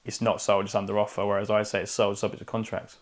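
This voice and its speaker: Co-hosting a podcast from a living room, a male estate agent tells a chatty, anecdotal story in clipped sentences that drop their subjects. His fairly low voice is completely flat and fast in this casual storytelling chat.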